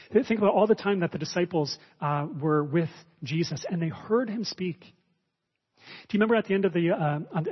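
A man's voice: a little high, breathy edge. A man preaching a sermon in a conversational way, with fillers and restarts, often asking his listeners questions. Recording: dull sound with long reverb in a hall.

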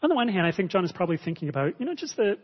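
A man's voice: high voice, sing-song, very fast. A man preaching a sermon in a conversational way, with fillers and restarts, often asking his listeners questions. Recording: dull sound with long reverb in a hall.

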